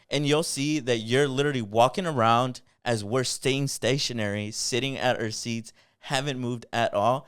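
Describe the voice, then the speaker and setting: A young man co-hosting a podcast, telling a story in a casual, animated way and swearing a lot. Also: medium pitch, a little fast, smooth, dry recording, studio quality. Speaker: podcast co-host.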